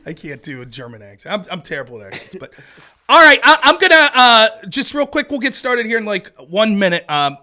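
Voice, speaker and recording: Animated high-voiced male podcast host. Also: fairly quick. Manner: animated, jokey, self-deprecating. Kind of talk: casual chat.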